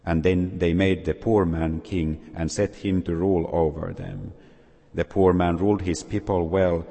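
A man reading a folk tale aloud in a slow, measured way with small slips, husky voice. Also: low-pitched, darkish tone. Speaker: storyteller. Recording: long reverb.

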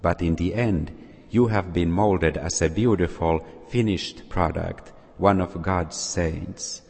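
A man preaching a sermon to children, speaking slowly and gently. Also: low-pitched, creaky, slightly rough. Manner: slow, gentle, addressing children. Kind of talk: sermon with story. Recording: long hall reverb.

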